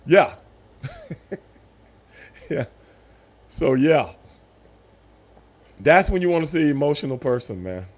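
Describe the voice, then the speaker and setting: Lively, animated man telling stories. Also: fairly high pitch, slow pace, pauses often. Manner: animated storytelling, loud voiced outbursts. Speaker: streamer host. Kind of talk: casual live-stream chat.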